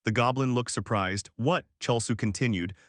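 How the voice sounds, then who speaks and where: A man narrating a comic story recap in a scripted, animated style. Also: medium pitch, fairly quick, no echo, clean studio sound.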